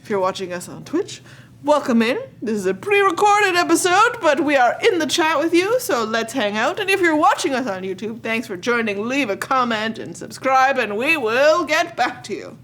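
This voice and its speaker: A woman's voice: high-pitched, very animated, moderate pace, a bit bright. A woman hosting a tabletop role-play show, welcoming viewers in a bubbly, playful way. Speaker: host.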